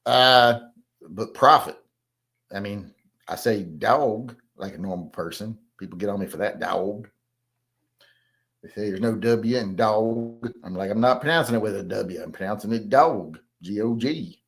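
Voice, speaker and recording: A man's voice: on the low side, moderate pace, vocal fry, a bit bright. A man with a Southern American accent hosting a casual podcast, reading out viewer comments and answering them in a blunt, rambling, folksy way. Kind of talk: casual solo podcast chat.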